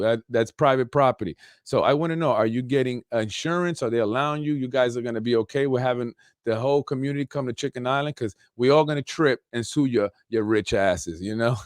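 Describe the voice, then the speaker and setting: A man's voice: mid-range voice, dry recording, clean studio sound. A man hosting a political podcast, ranting in unscripted commentary with street slang, many fillers and repeated words.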